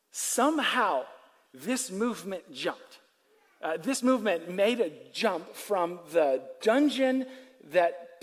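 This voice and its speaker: A man preaching a sermon as pastor, telling stories with animated quoted voices and laughs. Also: high-pitched. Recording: long hall reverb.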